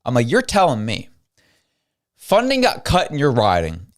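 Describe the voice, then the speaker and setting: Male commentary host, incredulous and emphatic, voice swings up and down widely, mid pitch. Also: wildly swooping pitch, moderate pace. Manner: incredulous, emphatic, repeats words for stress. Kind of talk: reacting to a clip, commentary.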